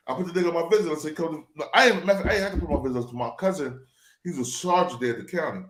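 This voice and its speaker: A man's voice: fairly high pitch, very fast, roomy sound. A man hosting a casual talk show, telling a long story and acting out the people in it. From New Jersey. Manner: animated, acts out quoted voices. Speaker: show host.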